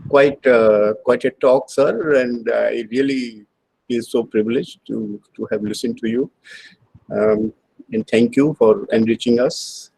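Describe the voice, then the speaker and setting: A man giving halting formal closing thanks on a video call, with many fillers and repeated words. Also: mid-range voice, fairly even intonation, creaky, darkish tone, a little hiss or hum, low-quality recording. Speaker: senior academic thanking the lecturer.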